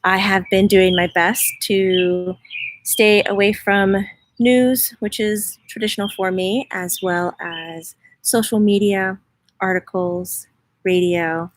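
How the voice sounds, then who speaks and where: A woman's voice: mid-range voice, fairly even intonation, slow pace. A woman hosting a casual livestream outdoors in her front yard, chatting and greeting viewers by name. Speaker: host, spiritual medium.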